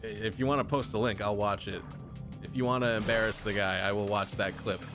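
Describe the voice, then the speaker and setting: A man streams a game with music playing behind him, his voice low and steady and his pace brisk. His chat with viewers is loose and meandering, full of jokes at his own expense.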